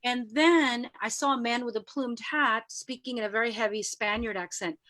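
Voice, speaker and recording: A woman from New York City, a guest in an interview, who tells stories in a lively way and acts out the voices she quotes. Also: on the high side, a little fast. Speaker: guest sharing spiritual experiences. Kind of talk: casual storytelling interview.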